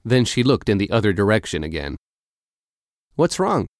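A man narrating a storybook chapter in a measured, clear reading. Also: on the low side, animated, no room sound, studio quality. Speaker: audiobook narrator.

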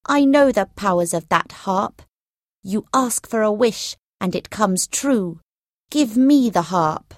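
A woman voicing an angry male goblin captain who gives loud, slow, commanding orders in a storybook reading. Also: medium pitch, animated, no room sound, studio quality, pitched above the performer's own voice. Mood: threatening.

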